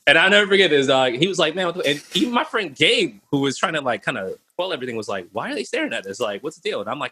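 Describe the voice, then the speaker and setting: Husky man telling lively stories. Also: on the high side, fast, hardly any pauses. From Minnesota. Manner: animated, laughing, acts out voices in his stories. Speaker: podcast guest. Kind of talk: casual storytelling on a video call. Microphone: video call.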